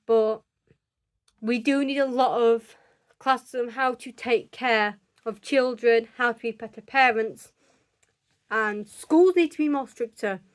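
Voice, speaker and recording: Girl ranting at the camera, pretty high voice, keeps hammering her point and restarting sentences. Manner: emphatic and insistent, with many restarts. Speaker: vlogger. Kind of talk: opinion monologue.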